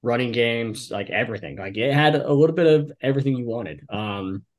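A man co-hosting a sports podcast in casual chat, excitable and full of "like" and "um". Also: medium pitch, brisk. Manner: excitable, leans heavily on "like" and "um". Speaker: podcast co-host.

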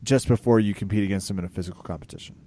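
A man co-hosting a casual podcast, delivering absurd jokes in a deadpan way. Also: deep voice, racing. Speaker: podcast co-host.

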